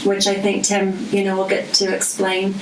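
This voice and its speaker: A woman's voice: medium pitch, completely flat delivery, normal speed. A woman guest thoughtfully reflecting on her story in an interview. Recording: echoey, distant, faint noise.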